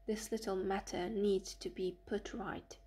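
A woman's voice: medium pitch, flat delivery, unhurried, warm tone, husky. A woman voicing a timid, flustered male chief clerk who mutters to himself. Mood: fretful.

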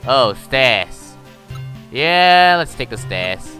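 A man's voice: mid-range voice, big pitch swings, drawn-out words, pushed and bright, soft background music. A man giving casual let's-play commentary, exasperated and swearing mildly at the game. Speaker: gamer.

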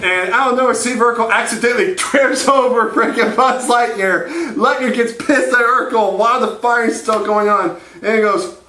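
Male storyteller, high-pitched and sharp, crude and rambling, laughing between lines; roomy echo. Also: distant mic, a little hiss or hum. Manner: crude, rambling, laughing often, doing quick character voices. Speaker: host. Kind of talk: improvised comic storytelling. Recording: echoey room.

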